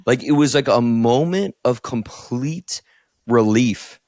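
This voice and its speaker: Speaking slowly in a medium-pitched, darkish voice, a therapist in his thirties from Northeast Ohio opens up on the podcast he co-hosts, telling an emotional personal story full of "like"s. The studio sound is clean and echo-free.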